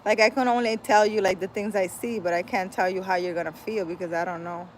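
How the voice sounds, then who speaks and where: A woman's voice: mid-range voice, fairly even intonation, fast, a little hiss or hum. A woman hosting a casual livestream outdoors, greeting viewers by name and chatting loosely as she reads their comments. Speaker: livestream host and spiritual healer.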